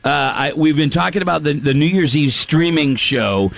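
A man's voice: fairly high pitch, expressive, moderate pace, creaky. A man hosting a morning radio show, giggly and eager in casual banter with a caller.

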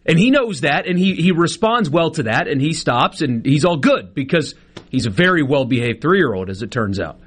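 A man's voice: on the high side, sing-song, normal speed, fairly bright tone, husky. A man in his thirties co-hosting a sports radio show, telling an indignant story with lots of stammered restarts. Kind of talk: casual radio banter.

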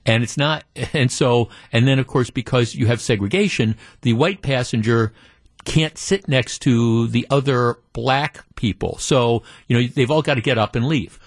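A man's voice: mid-range voice, normal speed, no echo, studio quality. A man hosting a talk radio show, telling a story with animation and acting out the quotes.

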